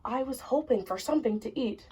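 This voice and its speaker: A woman's voice: a little high, brisk, warm tone, breathy edge, low-quality recording. Woman playing blunt young Jack. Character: plucky hungry boy Jack, blunt.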